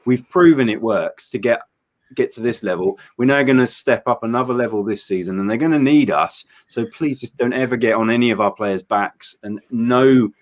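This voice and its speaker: A man's voice: mid-range voice, moderate pace. A man, a coach appearing as a guest on a livestream, speaking earnestly and passionately to fans. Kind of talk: casual livestream chat.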